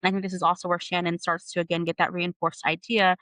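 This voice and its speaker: A woman walking through a book's plot at a fast clip, her voice bright and a little tense. She leans on fillers as she goes. The recording is close and dry. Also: on the low side, little pitch movement, dry recording. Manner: quick recap with many fillers like "like" and "you know". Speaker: podcast co-host. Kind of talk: casual book recap.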